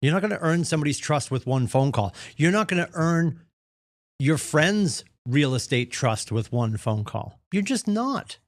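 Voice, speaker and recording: A man with a higher voice and lively intonation talks at normal speed in a studio-quality, echo-free recording. He's the real estate team leader at a morning meeting, giving an earnest, punchy motivational talk and playing out the excuses people use.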